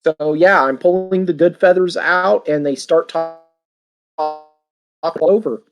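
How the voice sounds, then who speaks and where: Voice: medium pitch, unhurried. A player in a tabletop game who describes their actions plainly, with a few hesitations.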